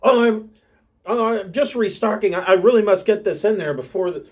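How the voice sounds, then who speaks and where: A man's voice: high-pitched, fairly quick, darkish tone, husky, pitched above the performer's own voice. A man voicing a hardy, polite female lion-like alien brewer in a tabletop game.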